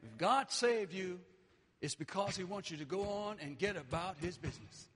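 A man preaching a sermon with passion, dropping low and then rising to shouts. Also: animated, normal speed, breathy edge, long reverb tail. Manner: impassioned, swings between quiet and shouting.

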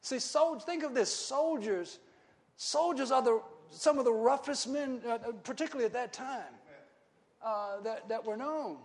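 Delivering a sermon at a slightly slow pace, a male preacher keeps asking the congregation brief questions. He shifts back and forth from loud shouts to quiet, low speech.

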